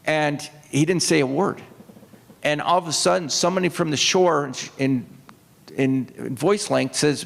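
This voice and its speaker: Gravelly man telling stories in a hall. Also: fairly high pitch, unhurried. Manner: rambling anecdotes with restarts and quoted voices. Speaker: author and retired Navy officer. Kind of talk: storytelling talk to an audience. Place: opera house stage. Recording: long hall reverb.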